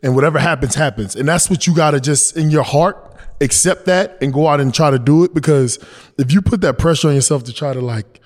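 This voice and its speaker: A man's voice: a little high, brisk, long reverb tail. A man talking loosely as a podcast guest, restarting sentences and circling back to the same point. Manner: loose, repeats himself, restarts often. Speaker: guest, NBA champion. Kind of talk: casual interview chat.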